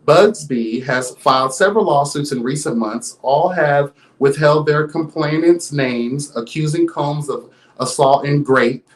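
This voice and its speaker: A man's voice: mid-range voice, unhurried, reverberant. A man hosting a livestream gossip show, sassy and flamboyant, reading news with his own commentary. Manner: sassy and flamboyant, peppered with interjections; reads news aloud with commentary. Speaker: host.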